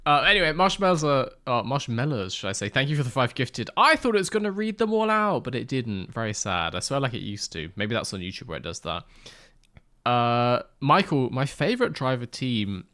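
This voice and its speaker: A man's voice: mid-range voice, big pitch swings, moderate pace, sharp tone, no room sound. A man streaming a driving game live, chatting loosely with his viewers on a close desk mic and rambling through side remarks. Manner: chatty, rambling, answers chat with asides. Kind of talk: live gameplay stream chat.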